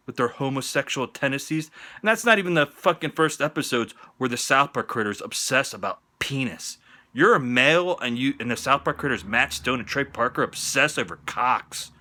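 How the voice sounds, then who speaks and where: A man from the northern United States giving sports picks on his vlog in a profane, sarcastic rant, jumping between loud jabs and muttered asides. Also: mid-range voice. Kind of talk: ranting sports opinion vlog. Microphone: on-camera vlog mic.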